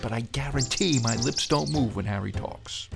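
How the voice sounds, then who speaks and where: A man's voice: medium pitch, normal speed, vocal fry, over music. A man hosting a comedy podcast as a ventriloquist, joking and punning as the straight man to his dummy.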